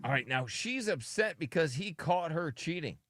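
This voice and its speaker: Brief: lively male radio host, teasing banter, dry studio sound. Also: on the high side, moderate pace, no echo. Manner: teasing, animated storytelling.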